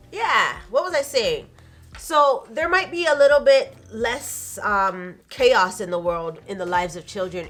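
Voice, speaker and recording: A woman's voice: mid-range voice, fairly bright tone. A young adult woman hosting her own channel, talking casually to camera in a conversational, opinionated way and laughing easily. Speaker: vlogger, channel host.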